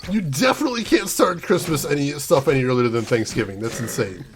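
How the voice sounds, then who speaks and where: A man's voice: medium pitch, lively intonation, brisk, slight background noise. A young American man streaming a game, chatting casually and mock-ranting playfully at his chat. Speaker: gaming streamer. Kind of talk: casual gameplay commentary.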